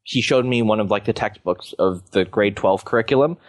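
A man's voice: fairly low pitch, fairly quick, dry recording. A young man from Canada chatting casually as a podcast host, rambling with plenty of fillers like "like" and "you know". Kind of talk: casual chat.

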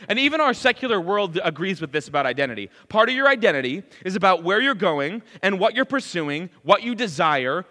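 A man preaching a sermon in an animated way, acting out lines of dialogue as he goes. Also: high voice, big-room sound.

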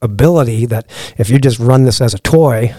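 A man's voice: medium pitch, moderate pace, no echo. A middle-aged man, a podcast guest, telling a long anecdote in a casual way and acting out the dialogue of the people in it. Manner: lively anecdote-teller who acts out quoted dialogue. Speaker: podcast guest, lodge owner. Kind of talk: casual storytelling.

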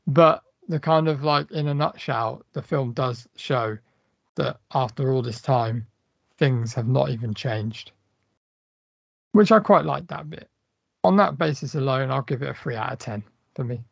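An easygoing man co-hosts a film review chat and tries to find something good to say. His voice is gravelly and husky. The audio is dry and dull, with little room sound. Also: mid-range voice, measured pace, no echo. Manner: easygoing, looks for positives. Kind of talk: casual chat.

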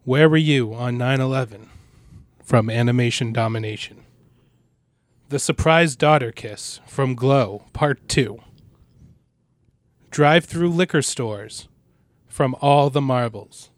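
A man's voice: medium pitch, takes it slowly, pauses often, dry recording, studio quality. A man co-hosting a comedy podcast, presenting mock awards in a jokey announcer-like way.

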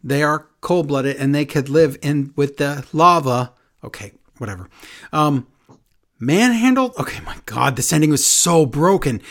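A woman's voice: low-pitched, expressive, a little slow. A woman co-hosting a casual wrestling recap, sarcastic and exasperated, mocking what she describes. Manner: sarcastic, exasperated, mocks quotes in silly voices. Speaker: wrestling podcast co-host.

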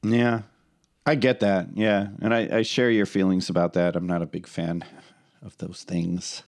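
A relaxed man co-hosting a podcast, his voice sitting somewhat low. He muses thoughtfully in casual chat and often hedges as he works through an idea. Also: unhurried. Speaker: podcast co-host.

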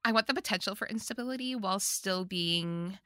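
A woman's voice: mid-range voice, fairly quick, sharp tone, a little hiss or hum. A woman co-hosting a podcast, casually recapping a movie, giggly and gushing with frequent swearing. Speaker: podcast co-host.

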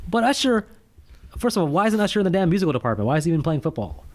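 Talking very fast in a high-sitting voice, a man co-hosts a casual movie review podcast. He's animated and jokey, his rants climbing in emphasis.

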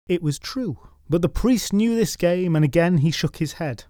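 A man narrating folklore stories from a script, with wry, deadpan asides. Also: a little high, normal speed, hardly any pauses, dry recording, studio quality. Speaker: storytelling podcast host.

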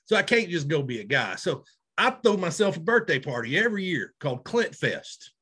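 A man, co-hosting a podcast in casual chat, animated and self-mocking. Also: on the high side, a little fast, husky. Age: 30s. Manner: animated, loud, self-mocking, laughs often. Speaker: podcast co-host.

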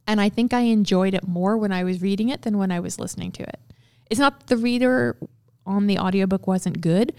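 A woman's voice: mid-range voice, a little fast, a little mellow, clean tone, no room sound, studio quality. A woman in casual book-club chat who acts out quoted lines and laughs often. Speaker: book club podcast host.

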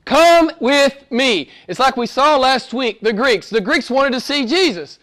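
A pastor preaches a sermon conversationally at a normal speed, posing rhetorical questions and repeating phrases for emphasis. He drops quiet and low, then rises loud and excited.

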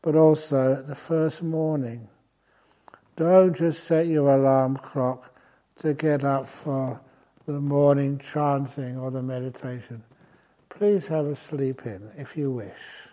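An older man giving a relaxed dharma talk as a meditation teacher, telling gentle, humorous stories with soft chuckles. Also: medium pitch, slow. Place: retreat centre meditation hall.

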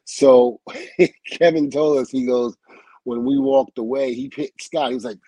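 Animated man telling a wrestling story. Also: mid-range voice, a little slow, no echo, poor audio. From United States. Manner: animated storyteller who acts out quotes and laughs often. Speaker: interview guest, former wrestler. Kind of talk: storytelling in a casual interview.

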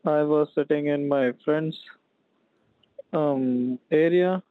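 A man on a casual phone call, hesitant and halting, with many pauses. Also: a little high, no echo. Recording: tinny phone line.

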